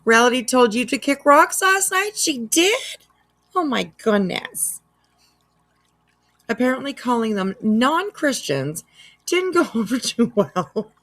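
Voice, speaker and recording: A woman's voice: fairly high pitch, big pitch swings, slow pace, a bit bright. A woman hosting a casual reaction livestream, chatty and laughing often as she reads out chat. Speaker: livestream host.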